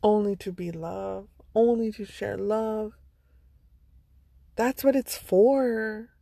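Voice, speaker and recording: A woman's voice: mid-range voice, slow, gravelly, warm tone, dry recording. A woman vlogger giving a motivational monologue, earnest and blunt, with some swearing. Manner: earnest, blunt, sprinkled with profanity.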